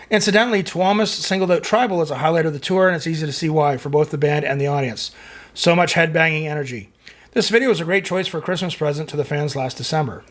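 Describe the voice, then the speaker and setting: Chatty man, slightly high voice. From Canada. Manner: rambling, chatty, full of fillers. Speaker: music reaction channel host. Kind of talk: casual chat reading viewer comments.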